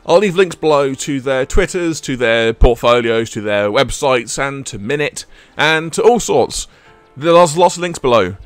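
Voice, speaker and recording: A man giving casual gameplay commentary into a desk microphone, excitable and chatty and laughing often. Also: medium pitch, moderate pace, hardly any pauses, smooth, dry recording. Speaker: gaming video creator. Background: faint game music.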